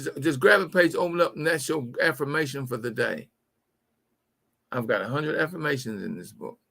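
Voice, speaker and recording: Gravelly, folksy man preaching business mindset. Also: mid-range voice, pushed and bright. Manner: folksy, preachy, repeats key phrases. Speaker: host. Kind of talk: motivational business talk show.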